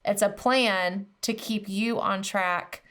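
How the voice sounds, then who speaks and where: Woman, podcast host, encouraging, casual interview chat, mid pitch. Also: fairly even intonation, takes it slowly. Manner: warm encouraging, constant "mm-hmm" backchannel.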